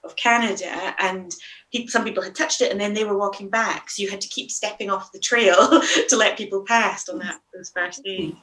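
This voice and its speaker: Female interview guest, bright and clear, hesitant rambling delivery. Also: mid-range voice, fairly even intonation, moderate pace, poor audio. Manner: rambling, hesitant, with frequent ums and small laughs. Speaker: guest, long-distance hiker. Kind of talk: casual interview storytelling.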